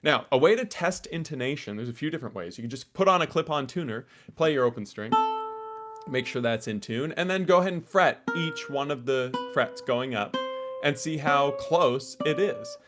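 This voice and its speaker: A man's voice: mid-range voice, animated, normal speed, fairly bright tone, faint music behind. A man teaching a live online ukulele lesson, explaining in a casual, chatty way full of asides while demonstrating on his instrument.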